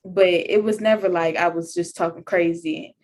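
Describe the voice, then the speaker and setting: A young woman co-hosting a podcast with her mother, talking in a relaxed, conversational way with lots of "like". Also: on the low side. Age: young adult. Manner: relaxed, conversational, drawn-out filler "like". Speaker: podcast co-host, daughter. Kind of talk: casual chat.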